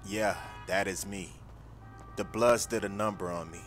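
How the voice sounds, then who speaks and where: A man narrating and voicing the lead in a game story video, excitable and slangy. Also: deep voice, unhurried, music in the background. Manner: excitable, slangy, often yelling for help.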